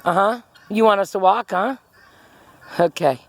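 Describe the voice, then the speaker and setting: A woman's voice: mid-range voice, unhurried, long pauses. A woman vlogging outdoors on a handheld phone, panicky, calling out to her friend over and over with nervous laughter between pleas. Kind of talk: casual vlog commentary. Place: outdoors at a rural property with farm birds.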